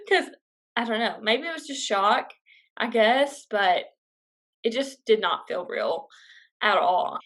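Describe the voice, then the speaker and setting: A woman's voice: on the high side, expressive, slow pace, pauses often, a bit bright. A young woman vlogger casually telling a personal story, chatty and full of fillers. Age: young adult.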